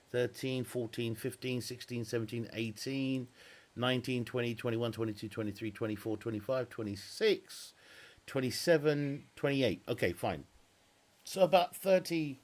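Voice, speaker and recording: A man's voice: mid-range voice, a bit bright. Male streamer at home, rambling, chatty commentary, restarts often. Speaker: game streamer. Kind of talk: casual live-stream gaming commentary. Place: at home with family nearby.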